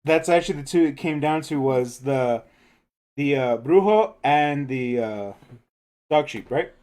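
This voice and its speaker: A man's voice: medium pitch, lively intonation, unhurried, a little mellow. A man co-hosting a casual beer podcast livestream, laughing often and joking about himself. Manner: laughs often, self-deprecating. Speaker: podcast co-host, beer snob.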